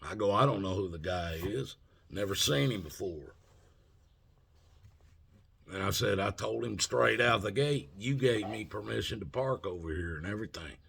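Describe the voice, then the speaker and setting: Man in his 40s, vlog storyteller, low gravelly voice with a bright, husky edge, animated retelling. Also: normal speed, slight background noise. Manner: animated retelling, acts out both sides of the argument. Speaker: vlogger. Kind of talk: casual storytelling.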